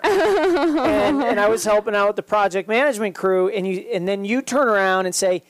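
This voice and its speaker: A man's voice: high voice, lively intonation, fairly quick, no room sound. A man co-hosting a casual interview, upbeat and teasing. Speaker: co-host.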